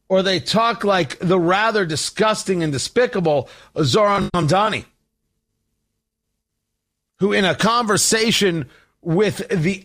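Man, talk radio host, high voice, emphatic, slow deliberate delivery, sarcastic. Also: a bit bright. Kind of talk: opinionated talk radio commentary.

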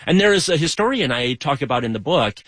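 A man, an author, calmly explaining his ideas as a guest on a radio show. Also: fairly high pitch, fast talker, no echo, clean studio sound. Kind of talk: radio interview.

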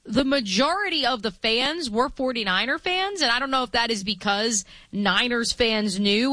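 A woman co-hosting sports radio in casual banter, a touch high in pitch. Her tone is bright and clear, with playful, chatty asides. The studio mic sounds close and dry. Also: lively intonation, normal speed, few pauses, no room sound.

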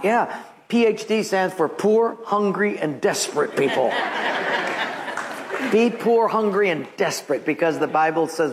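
A man's voice: a little high, expressive, moderate pace, a little hiss or hum. A man in his seventies, a pastor preaching to his congregation with folksy stories, chuckling at his own punchlines. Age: 70s. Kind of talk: sermon with jokes. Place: church sanctuary with congregation. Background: congregation laughing.

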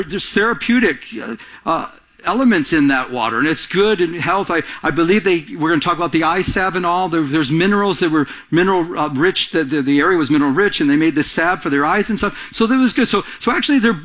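A man preaching a sermon, animated, acting out quotes in a raised voice and often restarting his phrases. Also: sits high. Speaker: pastor.

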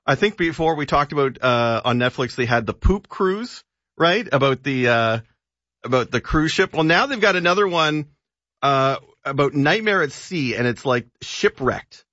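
A man's voice: medium pitch, no echo. A man co-hosting a radio show, chatting casually about films and streaming with frequent fillers and restarts. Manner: relaxed, chatty, halting with fillers. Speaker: radio co-host, film reviewer. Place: radio studio. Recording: dull lo-fi radio broadcast.

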